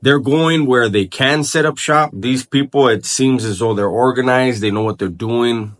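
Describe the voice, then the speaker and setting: A man hosting his own video channel, talking casually to the camera and restarting his sentences often as he thinks aloud. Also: mid-range voice. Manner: halting, repeats words and restarts while thinking aloud. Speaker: channel host. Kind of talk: casual vlog commentary.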